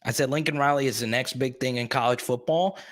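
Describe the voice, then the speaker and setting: Excitable man hosting a sports stream. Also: medium pitch, fast. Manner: excitable, talks straight to the chat, repeats himself. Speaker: sports live stream host. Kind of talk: casual live stream chat.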